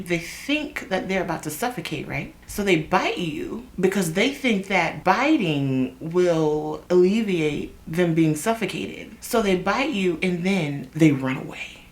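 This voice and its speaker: A young woman telling a story in a chatty, animated way while getting ready, with asides to her viewers. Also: lowish voice. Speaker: vlogger. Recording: roomy echo.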